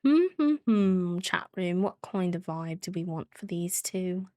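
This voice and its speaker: A woman's voice: lowish voice, level tone, unhurried, no echo, clean studio sound. A woman streaming a game, chatting casually and giggling as she talks to her viewers. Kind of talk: casual live-stream chat while gaming.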